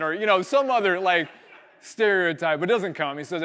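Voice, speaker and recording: Animated storytelling male pastor. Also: high voice, brisk. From California. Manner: animated storyteller, acts out quoted dialogue. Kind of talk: sermon storytelling.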